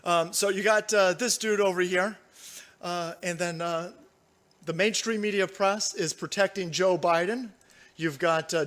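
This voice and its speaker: Brief: foul-mouthed, mocking male streamer reading chat, high voice. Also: a bit bright. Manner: profane, mocking, laughs often. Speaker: livestream host. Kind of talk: political commentary livestream.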